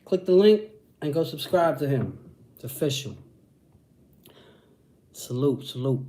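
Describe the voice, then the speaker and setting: Very animated yet unhurried, the channel host speaks in a slightly high voice with a dark tone. He's from Brooklyn, has a New York accent, and answers his livestream chat in hyped, profane street talk, constantly using "you know what I'm saying."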